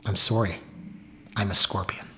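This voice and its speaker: A man's voice: lowish voice, steady tone, normal speed, sharp tone, voice pushed down. A man voicing a sly scorpion from a fable in his own matter-of-fact podcast voice.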